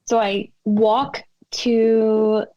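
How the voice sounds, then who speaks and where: Podcast guest, woman, slow emotional storyteller, voices her own quotes, dull lo-fi sound. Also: a little high, little pitch movement, mellow. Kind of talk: personal story in a podcast interview.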